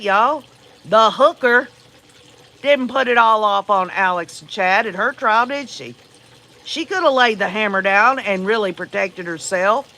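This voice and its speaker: A woman's voice: fairly high pitch, sharp tone. A woman hosting a livestream, giving blunt, profane, emphatic commentary and talking straight to her viewers. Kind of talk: casual true-crime commentary.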